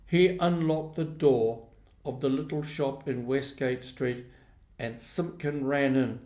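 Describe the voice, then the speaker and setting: A man narrates a classic children's tale at a leisurely, drawn-out pace. His voice sits at an ordinary middle pitch. The recording carries a clear roomy echo around him. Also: darkish tone. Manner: slow, unhurried storytelling. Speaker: storybook reader. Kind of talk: reading a children's story aloud.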